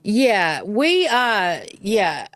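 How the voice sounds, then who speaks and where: Slow, laid-back woman streamer. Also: mid-range voice, sing-song, fairly bright tone, no echo, clean studio sound. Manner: laid-back, chatty, talks to viewers as y'all. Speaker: livestream host. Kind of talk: casual livestream chat.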